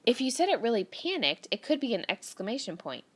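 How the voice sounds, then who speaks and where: A woman teacher with a slightly high, breathy voice talks briskly, her pitch swinging broadly. Patiently guiding young students through a grammar worksheet, she reads each sentence aloud and explains the steps in this recorded lesson for children.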